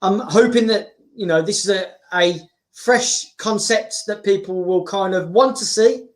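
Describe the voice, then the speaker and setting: A man's voice: high voice, measured pace. A man, a YouTuber, chatting casually on a livestream, rambling with many fillers.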